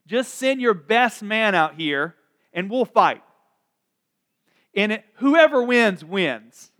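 Man, high voice, casual sermon, chatty storyteller, acts out lines. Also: very animated, a bit bright. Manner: chatty, acts out the characters' lines in quick asides. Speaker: preacher.

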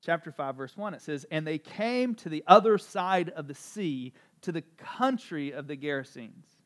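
A man with a high voice preaches a sermon in an easy, conversational way. He jumps from loud, stressed phrases to quiet, low asides and slips in light jokes about himself. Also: moderate pace. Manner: conversational, animated, with asides and self-deprecating humor; strong swings between loud emphasis and soft low delivery. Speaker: pastor.

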